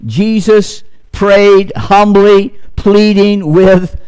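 A man's voice: on the high side, measured pace, a little mellow. A man pastor preaching a sermon, repeating key phrases and building emphasis as he exhorts the congregation. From United States.

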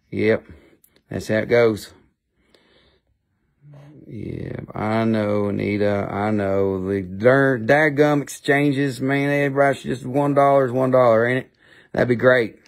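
A man with an Appalachian accent selling rocks on a live stream, rambling and joking in a casual chat. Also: medium pitch. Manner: joking, rambling, playful funny voices. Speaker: live-stream rock seller.

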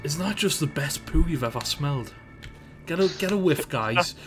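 A man's voice: a little high, animated, moderate pace, over music. A young man in casual, crude banter with a friend while gaming, laughing often and swearing freely. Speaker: gamer.

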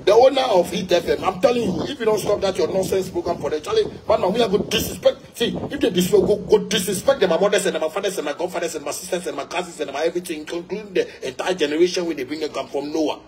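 A man with a Ghanaian English and Pidgin accent ranting angrily, repeating himself and hurling insults in loud bursts. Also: high voice, fast talker, few pauses, background noise. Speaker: musician ranting. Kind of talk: angry rant.

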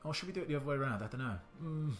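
A man's voice: medium pitch, rapid-fire, faint music behind. A man giving indecisive let's-play commentary, muttering to himself and swearing now and then. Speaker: gaming channel host.

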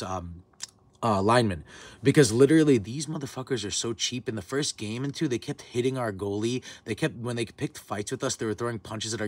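A man in his twenties telling a heated, profane story in a vlog rant. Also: lowish voice. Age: 20s. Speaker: vlogger. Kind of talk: ranting storytime.

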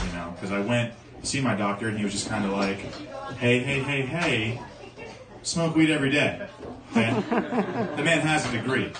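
Young man rambling through a stand-up set. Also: on the low side. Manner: loose, rambling storytelling with lots of fillers. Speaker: stand-up comedian. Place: comedy club stage at an open mic. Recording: echoey club recording from far off, audience noise. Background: audience laughing and cheering.

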